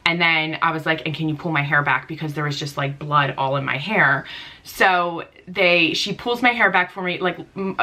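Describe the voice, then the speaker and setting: A young woman vlogger telling a story in a casual, chatty way, full of "like" and quick laughs. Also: lowish voice, sharp tone. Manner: chatty, frequent "like", laughs easily. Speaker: beauty vlogger.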